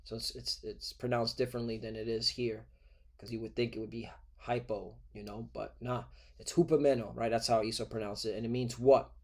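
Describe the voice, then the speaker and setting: A man's voice: mid-range voice, level tone. Man preaching a casual lesson. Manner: conversational, peppered with "all right" and "okay" tags; halting, repeated fillers and restarts. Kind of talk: informal sermon lesson.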